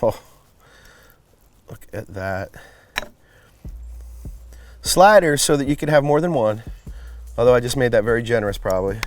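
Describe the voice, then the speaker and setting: A man hosts a casual outdoor cooking vlog from a backyard smoker. He is upbeat and jokey, and he chats with friends as he hands out food. His voice sits in a middle range, with soft music playing behind him. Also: medium pitch, normal speed, long pauses. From New England. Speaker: host of a barbecue cooking channel.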